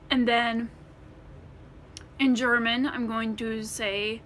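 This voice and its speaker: A woman's voice: fairly high pitch, steady tone, slow pace, long pauses, bright, forceful tone, slight background noise. An American woman chatting casually to the camera in a Q&A vlog, rambling with many ums and restarts. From United States. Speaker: vlogger.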